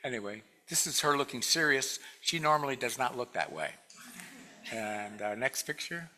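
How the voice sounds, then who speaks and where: A man's voice: mid-range voice, lively intonation, moderate pace, bright, forceful tone. A man giving a casual, rambling talk to a spiritual community, full of fillers and restarts and often laughing. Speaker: guest speaker at a spiritual community.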